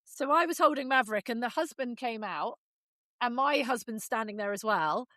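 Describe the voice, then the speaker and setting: A woman co-hosting a casual podcast, with a fairly high voice recorded close and dry, with no room sound. She tells her story with energy, acts out each quoted line and swears freely. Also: expressive, moderate pace, pushed and bright, dry recording.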